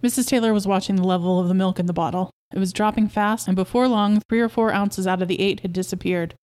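A woman's voice: mid-range voice, steady tone, fast, a little mellow. Woman reading a story aloud. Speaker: podcast host reading a story.

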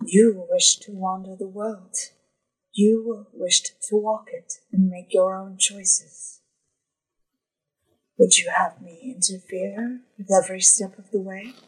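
A woman voicing an otherworldly fairy queen who speaks slowly and solemnly in a tabletop game. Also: mid-range voice, little pitch movement, a little mellow, husky, rough recording.

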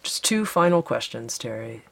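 Female interview host: gravelly fry, husky edge, thoughtful and questioning. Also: a bass voice, very animated, moderate pace. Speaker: podcast host. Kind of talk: interview conversation.

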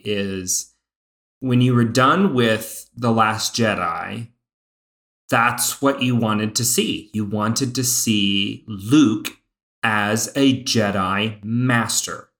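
A man co-hosting a casual chat, an excited fan who talks in bursts, now fast, now slow. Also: lowish voice. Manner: excited fan, speeds up and slows down. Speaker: podcast co-host. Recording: roomy echo.

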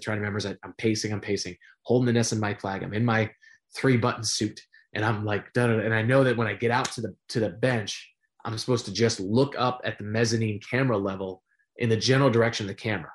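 Lively man telling a story, lower voice. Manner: animated storyteller with many fillers. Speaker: sportscaster guest. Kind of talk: casual storytelling interview.

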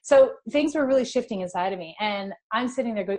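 A middle-aged woman from California, guest in an interview, telling a personal spiritual story in an animated, emotional way. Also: medium pitch, a little fast.

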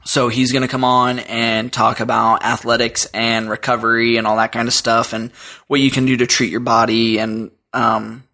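A man chats loosely as a podcast guest, talking over a remote call. His voice has a bright, forward edge. He wanders through his points with plenty of ums and half-finished restarts. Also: mid-range voice, flat delivery. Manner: rambling, halting with fillers. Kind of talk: casual chat.

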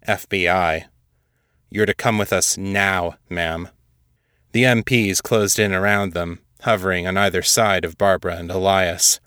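A man with a very low voice narrates a story in a steady, even manner, reading every character's lines himself. The close mic is dry, with no room sound. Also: measured pace, no echo. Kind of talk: scripted audiobook narration.

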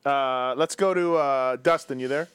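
A man hosting a casual radio talk show, easygoing and quick to agree with his guest. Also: medium pitch, fairly bright tone, clean tone, no echo.

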